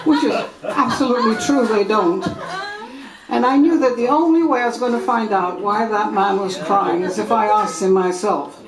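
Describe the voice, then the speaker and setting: Brief: wry, animated woman, somewhat English accent, live storyteller, echoey room. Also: mid-range voice, moderate pace, a crowd in the background. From Brazil.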